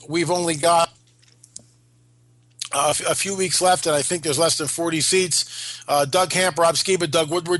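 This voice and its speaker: A man's voice: on the high side, fairly bright tone, dry recording. Man hosting talk radio, allergy-stuffed. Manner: rambling, with fillers and restarts. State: congested from allergies. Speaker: radio show host. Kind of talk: casual talk radio monologue.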